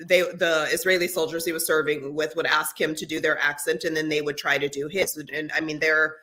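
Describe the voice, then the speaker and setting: A woman's voice: low voice, little pitch movement, fairly quick, pushed and bright. A middle-aged woman co-hosting a podcast, talking earnestly in casual conversation with frequent restarts. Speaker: podcast co-host.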